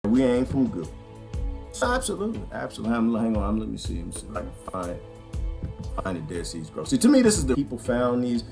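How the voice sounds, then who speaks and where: A man hosting a rambling livestream monologue, animated and joking, laughing often. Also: mid-range voice, fast, vocal fry, over music.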